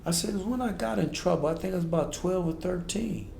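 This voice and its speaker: A man's voice: high voice, fast talker, vocal fry, a little mellow, a little hiss or hum. A man in his forties, a podcast guest, telling a raw, intense personal story in blunt street-inflected speech. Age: 40s. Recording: echoey room.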